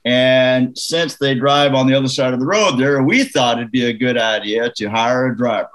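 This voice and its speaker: A man from Canada, a musician guest in a casual interview, telling an anecdote in a lively, laughing way. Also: mid-range voice, normal speed, rough recording. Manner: animated, laughing anecdote teller.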